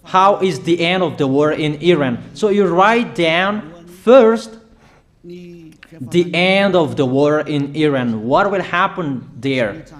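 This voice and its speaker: A male preacher giving a prophetic sermon, declaring slowly and emphatically, pausing often with fillers. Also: on the high side, expressive.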